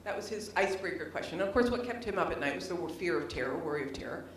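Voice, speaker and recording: Lively woman lecturing in an echoey hall. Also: on the low side, rapid-fire, slight background noise. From United States. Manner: animated, humorous, rising to near-shouts when stirred. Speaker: lecturer, former governor. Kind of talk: public lecture to a live audience. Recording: very echoey hall, voice from some distance.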